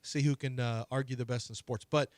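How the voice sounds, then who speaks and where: A man's voice: medium pitch, steady tone, fairly quick, no room sound. A man hosting a sports radio show, reading an ad and bantering in a playful, mock-indignant way. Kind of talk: live-read radio ad and studio banter. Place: radio studio. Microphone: studio broadcast mic.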